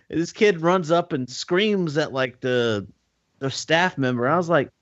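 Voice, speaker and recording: A man co-hosting a podcast, telling a story with animated voices and laughter. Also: on the high side, takes it slowly, no room sound, dull audio. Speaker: podcast co-host. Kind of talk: casual storytelling chat.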